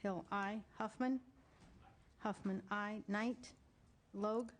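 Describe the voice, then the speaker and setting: A woman calls the roll at a committee hearing. She reads each name slowly and deliberately. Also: medium pitch, fairly even intonation. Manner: slow, deliberate name-calling. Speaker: committee secretary calling the roll. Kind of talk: roll call.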